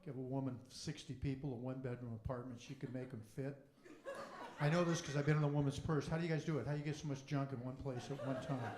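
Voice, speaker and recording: A man performs stand-up comedy in a live club, his voice a touch higher than most men's. He moves quickly from joke to joke and rattles off long, deadpan lists. The room around him rings with echo.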